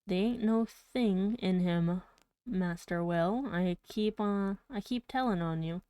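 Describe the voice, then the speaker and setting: Woman reading a stubborn servant guy, slow and emphatic, mellow, dry close mic. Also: mid-range voice, smooth, no echo, lightly acted. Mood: insistent. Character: stubborn male servant, insistent.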